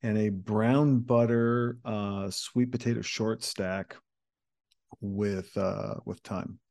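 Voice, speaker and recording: A man co-hosting a podcast in casual chat, listing things slowly with many fillers. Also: fairly low pitch, fairly even intonation, creaky, darkish tone. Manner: unhurried, lists with fillers. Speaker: podcast co-host.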